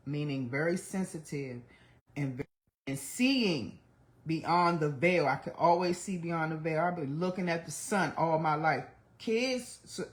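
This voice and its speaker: A livestream host in their forties speaks in an open, confessional monologue. The delivery is blunt and emotional, peppered with swearing. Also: mid-range voice. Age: 40s. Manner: candid, blunt and heavily profane; emotional, speaks of trying not to cry.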